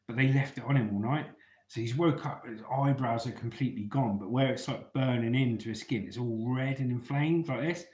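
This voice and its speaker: A man's voice: medium pitch, a little mellow. Chatty man telling stories in an echoey room. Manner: chatty, calls listeners mate. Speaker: ex-soldier live-stream host. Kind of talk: casual live-chat storytelling.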